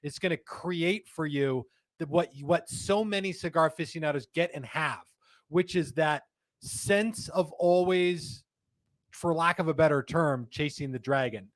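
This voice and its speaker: A man's voice: fairly high pitch, measured pace, no echo. A man hosting a casual livestream chat, talking in a chatty, joking, rambling way. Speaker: livestream host.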